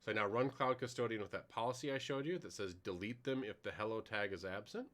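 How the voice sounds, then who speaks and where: A man's voice: on the low side, fast, a bit bright. Man giving a technical conference talk. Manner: plain, conversational explaining with frequent fillers. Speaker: conference presenter.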